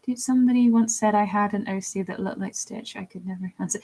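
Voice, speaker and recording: A streamer and hobby artist draws on a livestream from her home office, chatting casually and rambling with plenty of fillers. Her mid-range voice is steady and a bit bright, moving quickly with hardly any pauses.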